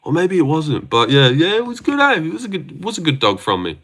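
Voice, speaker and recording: A man's voice: fairly high pitch, huge pitch swings, quick pace, sharp tone. An Australian man chatting casually on a livestream, answering viewer comments in a blunt, profane and rambling way. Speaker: MMA predictions livestreamer.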